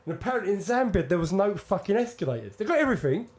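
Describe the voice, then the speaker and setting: A man's voice: high-pitched, rapid-fire. A man, telling stories in casual chat, swearing and laughing. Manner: animated storyteller, swears, laughs often. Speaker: podcast co-host.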